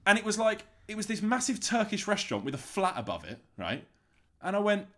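A man's voice: a little high, brisk. A man co-hosting a podcast over a remote call, telling a long anecdote in a casual way and acting out the other people's voices. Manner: animated, acts out voices in his anecdotes. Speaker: podcast co-host. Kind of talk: casual storytelling chat.

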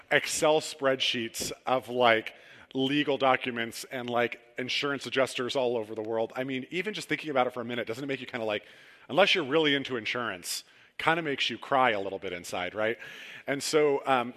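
Bright-voiced pastor in a reverberant hall. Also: male voice, medium pitch. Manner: relaxed, humorous, self-deprecating storytelling. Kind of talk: conversational sermon with personal stories. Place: church sanctuary.

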